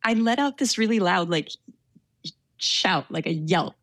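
A woman telling a story in casual conversation, soft-spoken and hesitant with many fillers. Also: on the low side, animated, measured pace, dry recording. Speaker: storyteller guest.

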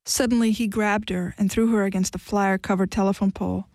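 A woman's voice: medium pitch, fairly even intonation, a little fast, darkish tone, no room sound. Woman narrating a novel, dry close sound. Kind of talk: audiobook narration.

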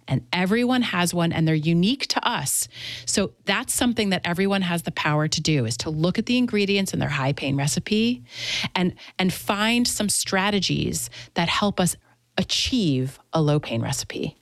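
A woman with a fairly low voice explains her clinical approach in a clear, earnest, teaching manner. The sound is dry and close, with no room around it. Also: lively intonation, moderate pace, dry recording. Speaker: pain therapist. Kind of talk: interview answers, explaining.

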